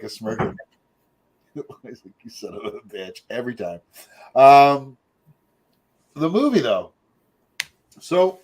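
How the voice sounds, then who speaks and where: A middle-aged man hosts a laid-back chat, talking at an everyday pitch. He rambles from point to point, stacking up fillers and side comments as he goes. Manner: rambling, chatty, full of fillers and asides. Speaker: podcast host. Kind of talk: casual chat.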